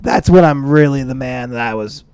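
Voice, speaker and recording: A man's voice: medium pitch, moderate pace, a little mellow, clean tone, no echo. Rambling mock-serious young man, dry mic. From upper Midwest of the United States. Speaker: podcast co-host. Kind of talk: casual comedic chat.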